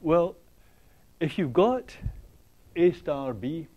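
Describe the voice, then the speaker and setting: A man giving a university lecture, talking in a halting way with many ums and restarts, often checking in with the students. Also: fairly high pitch, lively intonation, darkish tone. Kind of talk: classroom lecture. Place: lecture hall.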